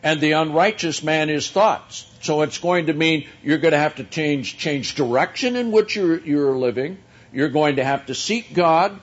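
A man preaching a sermon, teaching from scripture in a slow, deliberate way with drawn-out emphasis. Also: fairly high pitch, animated, lo-fi sound.

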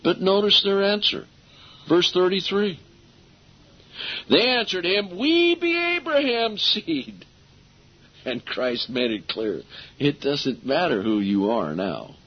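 A man preaching a sermon and reading scripture aloud, emphatic, slowing down to stress key phrases. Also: a little high, animated, breathy edge. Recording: dull lo-fi recording.

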